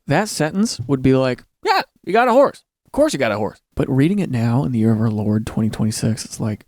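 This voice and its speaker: A man in his thirties casually reading online posts aloud and riffing on them with jokey, animated commentary. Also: medium pitch, dry recording, clean studio sound. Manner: animated, jokey, bursts into loud mock cheering.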